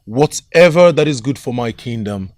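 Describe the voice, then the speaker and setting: A man's voice: mid-range voice, animated, moderate pace, a little mellow, dry recording, close to an everyday voice. An earnest young prince with a Nigerian accent, played by an actor, speaking composedly. His voice sounds close and dry. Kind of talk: Nollywood film drama.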